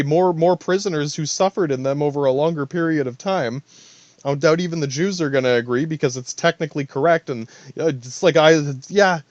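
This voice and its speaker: A man's voice: fairly high pitch, dry recording. Rambling profane man, dull lo-fi sound. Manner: profane, rambling, talks to himself in asides. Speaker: podcast host. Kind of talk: rambling solo monologue.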